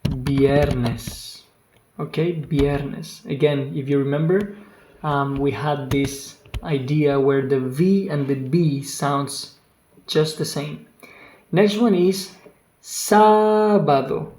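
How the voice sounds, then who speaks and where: Very slow, patient language teacher. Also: mid-range voice, fairly even intonation, a little mellow, slight background noise. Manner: slow, patient, repeats each word several times; exaggerates pronunciation on purpose. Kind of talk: online language lesson. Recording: roomy echo with faint keyboard clicks.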